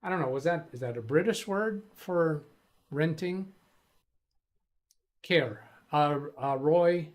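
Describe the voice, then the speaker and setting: This is a man hosting a casual live stream. His voice sits slightly higher than most men's, and he rambles along as he reads viewers' chat messages aloud and responds to them. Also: slow, long pauses. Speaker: host of a live tech stream.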